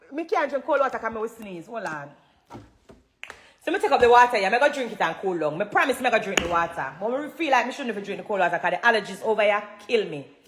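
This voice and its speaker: A Jamaican woman talking to her fans on a phone livestream, emphatic and animated, at times shouting. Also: fairly high pitch, slight background noise. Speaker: dancehall artist addressing fans. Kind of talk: casual livestream talk. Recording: echoey room with long reverb.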